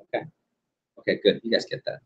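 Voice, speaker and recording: A man running a sales training class, animated and quizzing the group with questions. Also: a little fast, a little hiss or hum. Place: training room. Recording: dull lo-fi recording.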